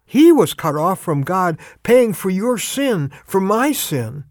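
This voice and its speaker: A man giving a short radio devotional talk, earnest and intimate, slowing down for emphasis. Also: high voice, big pitch swings, darkish tone, no room sound, clean studio sound. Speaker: radio preacher.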